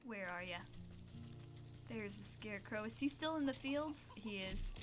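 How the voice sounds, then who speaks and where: A woman's voice: mid-range voice, lively intonation, measured pace, over music. A woman streaming a game, chatting playfully and talking to herself as she plays. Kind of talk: casual game-stream commentary.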